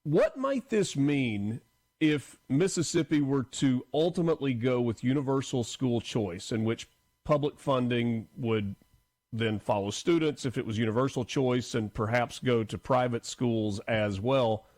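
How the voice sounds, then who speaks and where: A man's voice: medium pitch, measured pace, darkish tone. Man hosting a radio talk show. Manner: asks long, layered questions. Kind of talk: casual radio interview. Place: radio studio.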